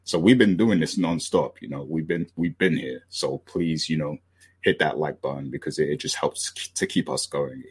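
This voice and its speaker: A British man with a very deep voice and a husky edge hosts a podcast. He talks casually and loosely, full of fillers and restarts, as he gets to the topic. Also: moderate pace. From Britain. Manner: relaxed and rambling, many fillers and restarts. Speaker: podcast host.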